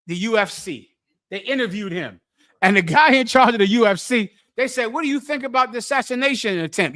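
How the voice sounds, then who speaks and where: A man's voice: high voice, sharp tone. A man preaching a fiery sermon in a mocking, scolding rant.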